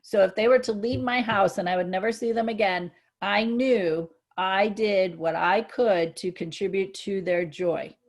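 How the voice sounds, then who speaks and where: A woman co-hosting a casual spiritual chat, earnest and reflective, growing excited when she gives examples. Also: medium pitch, a little slow, hardly any pauses. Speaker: co-host.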